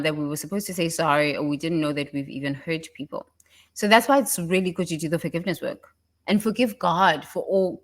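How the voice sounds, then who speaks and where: Lively lowish-voiced woman coaching. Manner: animated, laughs often, mimics others in high voices. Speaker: self-help speaker. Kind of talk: casual motivational monologue.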